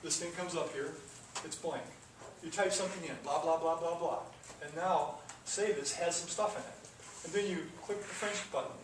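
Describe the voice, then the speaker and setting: A man's voice: on the high side, fairly even intonation, normal speed, hardly any pauses. Man lecturing in an echoey classroom. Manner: rambling, with fillers and restarts. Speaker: programming teacher. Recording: echoey room from far off, noisy.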